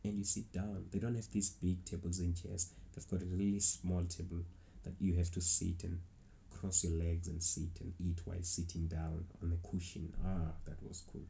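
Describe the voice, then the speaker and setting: A man's voice: sits low, little pitch movement, normal speed, vocal fry, warm tone, a little hiss or hum. A young man casually telling a rambling travel story. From South Africa. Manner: rambling, with many restarts and acted-out quotes. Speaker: travel vlogger.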